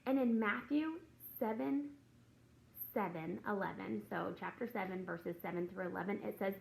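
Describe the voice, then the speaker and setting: A woman's voice: mid-range voice, moderate pace, creaky, a little mellow, rough recording. A woman who teaches and hosts a faith talk, chatting casually and acting out classroom conversations as she tells a story. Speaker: teacher and Christian video host. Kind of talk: casual devotional talk to camera.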